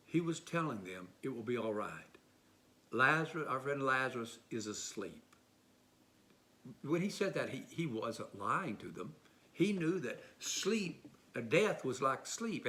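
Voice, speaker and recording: A man preaching a sermon as a church pastor, telling stories and acting out the quoted lines with swings in his voice. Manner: storytelling, voices quotes with lively pitch swings.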